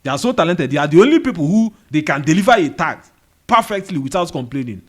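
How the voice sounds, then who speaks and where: The man talks fast in a very animated voice that sits on the high side. As a motivational video host with a Nigerian accent, he fires rhetorical questions and repeats key phrases in a monologue recorded indoors with a fan running.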